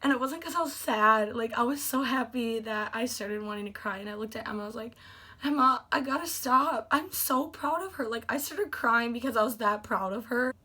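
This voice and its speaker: Bright-voiced gushing young woman vlogger. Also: a little high, brisk, few pauses. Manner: gushing, animated, many fillers like "like". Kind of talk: excited storytelling vlog.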